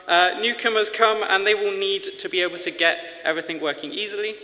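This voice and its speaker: A man's voice: sits high, fairly even intonation, quick pace, sharp tone. A man reading a short rhyming story during a conference lightning talk, with some hesitant fillers. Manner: rhythmic read-aloud, hesitant fillers at the close. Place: large conference hall. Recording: long reverb of a conference hall.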